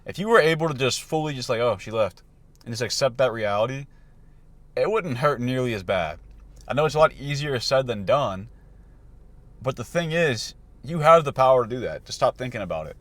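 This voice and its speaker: A man's voice: medium pitch, animated, brisk, fairly bright tone, dry recording. A young man and self-improvement coach, talking loosely to camera about life advice with lots of fillers and restarts. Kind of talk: casual motivational talk to camera.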